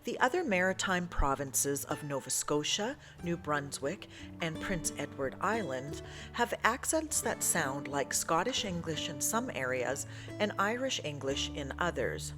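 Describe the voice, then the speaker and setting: A woman's voice: low-pitched, big pitch swings, measured pace. A woman hosting the channel, giving a careful, explanatory scripted narration. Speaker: channel host. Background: music.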